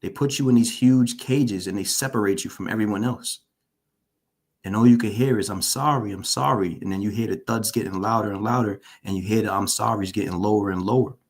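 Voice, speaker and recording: A man's voice: fairly low pitch, steady tone, a little fast, darkish tone. A formerly incarcerated man speaking as an interview guest, giving earnest personal testimony, openly shaken and repeating phrases for emphasis. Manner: openly shaken while recounting.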